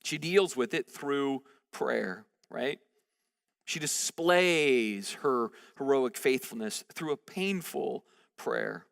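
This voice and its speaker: A man preaching a sermon as pastor at a church service, conversational and animated, often acting out the voices in the story. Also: medium pitch, slow pace, creaky, big-room sound. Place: church service, large room.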